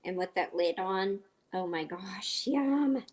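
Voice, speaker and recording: Woman, middle-aged, stuffy nose, slow unhurried talk, chatty, rambling live-stream cooking chat. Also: mid-range voice, expressive, a little mellow. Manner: chatty, greets viewers by name, rambling stories. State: stuffy, blowing her nose. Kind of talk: casual chat while cooking.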